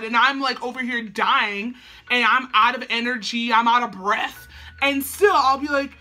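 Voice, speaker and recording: Bright-voiced chatty young woman vlogging. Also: high-pitched, moderate pace, faint music behind. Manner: chatty, slangy, peppered with "like". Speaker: beauty vlogger. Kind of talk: casual chat to camera.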